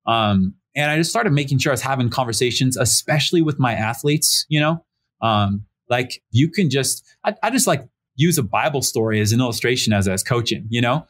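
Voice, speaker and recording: A man in his thirties, a pastor joining a conversation remotely, tells a personal story in an easygoing, conversational way. He uses lots of fillers and acts out the people he quotes, lifting his voice for each one. His voice sits at an ordinary male pitch. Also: lively intonation, brisk, fairly bright tone. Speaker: pastor, podcast guest. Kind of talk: casual personal storytelling in an interview. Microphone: remote call setup.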